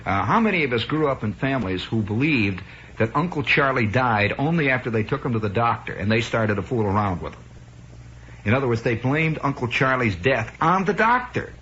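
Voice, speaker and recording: A man's voice: mid-range voice, expressive, brisk, fairly bright tone. A man from the Midwest, a radio host, telling rambling, wry stories with asides. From American Midwest. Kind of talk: improvised radio monologue. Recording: dull lo-fi radio broadcast with faint hiss.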